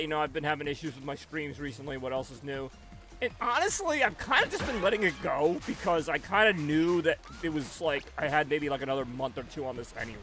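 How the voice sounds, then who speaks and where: A man live-streaming from his home setup on a headset, chatting casually and rambling in an animated way, with a tone that sounds angry even when he is not. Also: on the high side.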